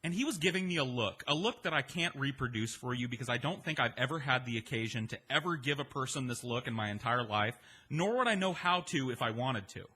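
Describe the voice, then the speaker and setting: Male comic storyteller, casual and profane, bright tone. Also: mid-range voice, a little fast, slightly rough. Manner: profane, animated, conversational. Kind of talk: comedic storytelling monologue.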